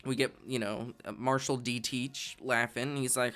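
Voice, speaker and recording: A man's voice: medium pitch, a little slow, few pauses, fairly bright tone, faint music behind. A man co-hosting a podcast in a laid-back, casual way. He laughs often while recapping a comic. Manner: laid-back, laughs often, narrates and reads lines aloud. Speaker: podcast co-host.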